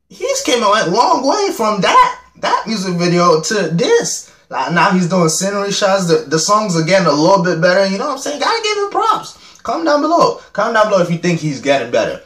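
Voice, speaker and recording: A man's voice: high-pitched, fairly bright tone, echoey room. A young man reacting to a music video, chatting in a rambling, self-mocking way and laughing at himself often. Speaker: reaction vlogger. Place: home room.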